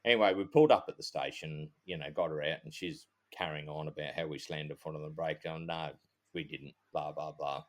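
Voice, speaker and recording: Deep-voiced Australian man telling a story. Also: brisk. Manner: swearing, rambling anecdote with quoted dialogue. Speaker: podcast co-host, police officer. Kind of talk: casual storytelling.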